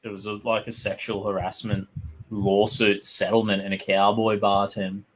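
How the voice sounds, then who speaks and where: Foul-mouthed Australian man, bright voice. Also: fairly low pitch, little pitch movement, moderate pace. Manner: crude, swears constantly, tells rowdy anecdotes. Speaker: co-host. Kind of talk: casual chat.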